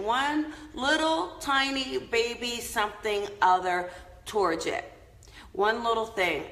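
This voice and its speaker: A woman's voice: medium pitch, fairly bright tone, echoey room, rough recording. A woman hosting a casual live-stream chat, upbeat and chatty, laughing often as she talks to her viewers. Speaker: host of a live inspirational show.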